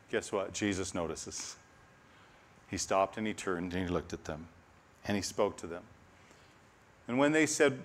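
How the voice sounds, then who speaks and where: A man preaching a sermon, animated with laughing asides, dropping to a soft hush on key lines. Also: fairly low pitch.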